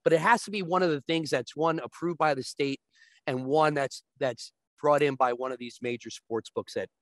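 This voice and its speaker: A man as a guest on a talk show, explaining sports betting step by step and often checking with a quick "right?". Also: on the high side, fairly bright tone, dry recording.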